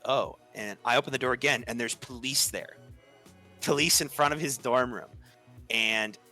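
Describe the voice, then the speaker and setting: A man's voice: mid-range voice, bright, forceful tone. A young man telling a story in a casual, chatty way, saying "like" often and acting out the quoted lines. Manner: chatty, heavy use of "like", acts out quoted lines. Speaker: podcast storyteller.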